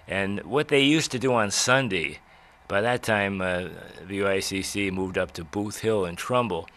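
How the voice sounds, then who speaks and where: Older man, reminiscing storyteller, lowish pitch, bright tense tone, halting restarts. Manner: rambling storyteller with many uhs and restarts. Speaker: radio veteran telling memories. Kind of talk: reminiscing talk.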